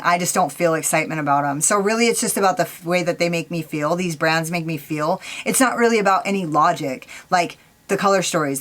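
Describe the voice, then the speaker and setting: A woman makeup vlogger ranting casually, blunt, opinionated and full of swearing. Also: fairly low pitch. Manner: speeds up for a quick sign-off. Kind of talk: casual vlog rant.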